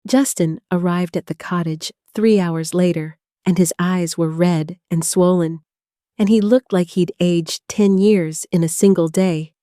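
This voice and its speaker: An older woman tells a first-person story in an even, unbroken flow, joining clause after clause with "and". Her voice sits low and mellow. The sound is close and dry. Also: unhurried, dry recording. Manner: even, long chains of clauses joined by "and". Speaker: narrator.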